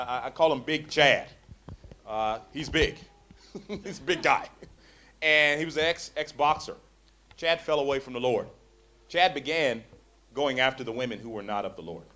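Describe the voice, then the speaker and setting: A man preaching a sermon to a congregation, animated and joking, acting out the voices of the people in his stories. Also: on the high side, moderate pace, pauses often. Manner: animated, acts out quoted voices.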